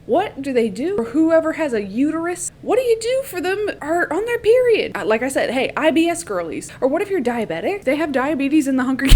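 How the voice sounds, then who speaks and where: A woman's voice: fairly high pitch, slight background noise. Chatty Southern woman recapping a book. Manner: swearing, chatty, with playful asides. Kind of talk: casual recap chat.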